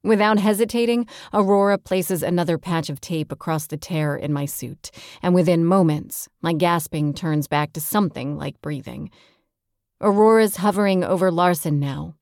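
A woman reading a first-person audiobook with steady, tense storytelling. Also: on the low side, moderate pace, no echo, studio quality. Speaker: audiobook narrator.

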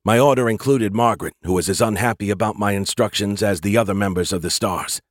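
A man narrating an audiobook in the first person, reading at a steady, measured pace. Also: lowish voice, no echo, studio quality.

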